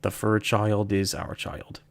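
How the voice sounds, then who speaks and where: A man's voice: fairly low pitch, little pitch movement, slow pace, gravelly. A man chatting casually on a live stream, rambling and correcting himself as he goes, with frequent chuckles. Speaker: streamer, horror story reader.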